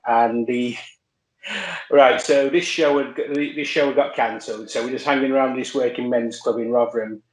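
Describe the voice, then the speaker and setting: A man telling wrestling stories in casual chat, halting with many fillers and restarts. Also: mid-range voice, fairly even intonation. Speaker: wrestler guest. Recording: roomy echo.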